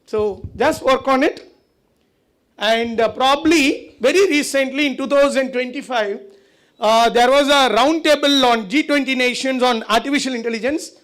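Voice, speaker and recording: A man's voice: extremely high pitch, normal speed, fairly bright tone. A man giving a conversational lecture at a conference, often asking the audience rhetorical questions. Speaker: conference speaker. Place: conference hall.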